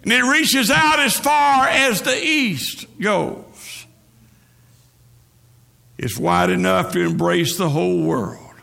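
Gravelly high-voiced man preaching a sermon. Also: takes it slowly, sharp tone. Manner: rhythmic, repetitive preaching cadence.

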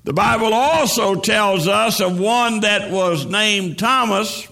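A man preaching a sermon, slow and emphatic, with measured pauses. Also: high voice, vocal fry, pushed and bright.

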